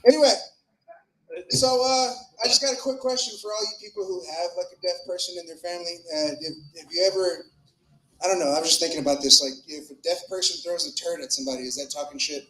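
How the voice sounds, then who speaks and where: A man's voice: on the high side, fast talker, bright, forceful tone. A man doing a crude, rambling, profane open-mic stand-up set on a club stage. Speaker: stand-up comic. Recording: echoey club room.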